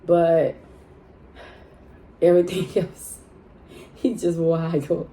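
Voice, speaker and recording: A woman chats casually to her vlog viewers in a low, mellow voice. She is animated and talkative and laughs easily. Her voice carries a roomy echo from the room at home where she records. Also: very slow, slight background noise. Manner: chatty and animated, laughs often, addresses viewers as y'all. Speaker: vlogger.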